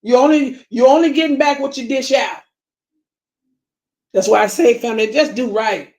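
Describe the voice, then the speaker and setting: Addressing her audience as family, this Southern US woman offers casual, emphatic commentary on her YouTube channel, circling back to the same points in a preachy way. Her slightly high, somewhat mellow voice moves at normal speed in a roomy-sounding space.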